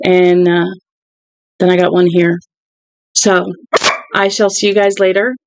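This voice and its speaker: A woman reading a novel aloud in a plain, unhurried way, then chatting casually and warmly with her listeners at home. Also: on the low side, flat delivery, noisy background. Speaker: audiobook reader.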